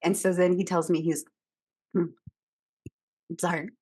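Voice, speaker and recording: Low-voiced woman telling a story. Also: unhurried, slightly rough. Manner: animated storyteller, laughs often, many "like" fillers. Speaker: podcast co-host. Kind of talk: casual chat, personal storytelling.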